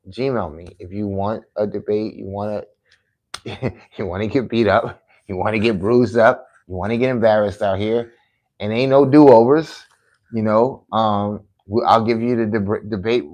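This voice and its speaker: A man's voice: on the low side, unhurried, a little mellow. A man hosting his own podcast in a combative, boastful live-stream talk, taunting and challenging his critics to debate. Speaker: podcast host.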